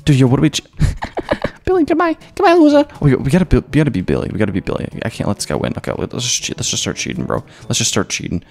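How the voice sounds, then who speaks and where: Gamer guy doing jokey commentary, gravelly voice, swoops up and down a lot. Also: mid-range voice, rapid-fire, few pauses. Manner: excitable, jokey, tosses in mock-Spanish phrases. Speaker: gaming YouTuber. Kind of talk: gameplay commentary.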